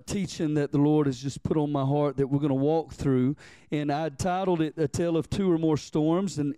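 A man preaching a sermon as pastor. He reads scripture in old-fashioned wording, calls on the congregation to answer back, and slows down to stress key phrases. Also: fairly high pitch, warm tone, clean tone, dry recording.

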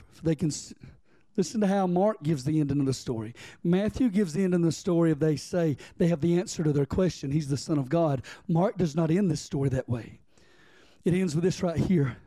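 A man's voice: high voice, mellow, dry recording. A man preaching a sermon as pastor, reading scripture and calling on the congregation to respond.

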